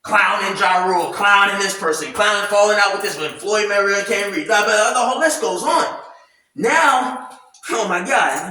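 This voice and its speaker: A man ranting loudly and animatedly in casual commentary, swearing freely. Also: high-pitched, moderate pace, a little hiss or hum. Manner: loud, animated, profane ranting. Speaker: commentary vlogger. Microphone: camera mic at a distance, no clip-on mic. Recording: very echoey room, voice far from mic.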